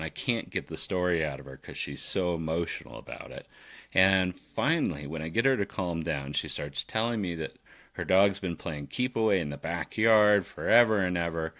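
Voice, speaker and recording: A man, a dog trainer, talking casually on a podcast and telling animated stories with frequent laughs. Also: low-pitched, normal speed. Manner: animated storyteller, laughs often.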